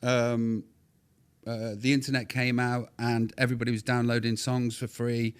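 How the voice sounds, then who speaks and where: A middle-aged man, chatting as a podcast guest, rambling with quick restarts and bursts of excitement. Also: medium pitch, clean tone. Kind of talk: casual podcast interview.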